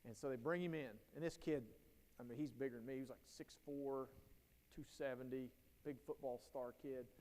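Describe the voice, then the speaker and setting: A man's voice: medium pitch, fairly even intonation, normal speed, a little mellow, in a large hall. A man giving a conversational, anecdote-driven talk at a teacher training day. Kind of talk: storytelling professional development talk. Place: school auditorium or hall.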